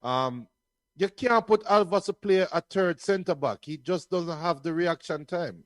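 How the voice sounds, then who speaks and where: A man co-hosting a football watch-along, talking in a halting way and giving blunt opinions. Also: a little high, no room sound. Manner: halting and talkative, with repeated restarts and blunt opinions. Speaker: co-host and analyst.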